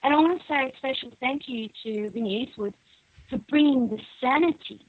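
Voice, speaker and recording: Husky soft-spoken woman on a muffled line. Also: high-pitched, fairly quick, no room sound. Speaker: caller. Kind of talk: phone-in greeting. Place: outdoors. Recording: rough muffled call line.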